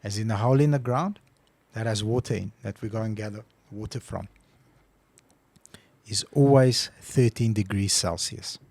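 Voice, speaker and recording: A man co-hosting a casual podcast, telling a story with lively acted-out phone calls. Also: lowish voice, moderate pace, long pauses, dry recording. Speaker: podcast co-host.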